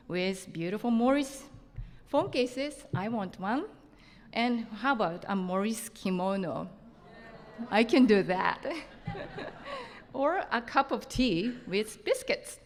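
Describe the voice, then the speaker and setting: Japanese-accented woman, slow, chatty conference speaker, big reverberant hall. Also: medium pitch, animated, slight background noise. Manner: chatty, self-joking, laughs often. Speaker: seminar speaker. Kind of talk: conference talk.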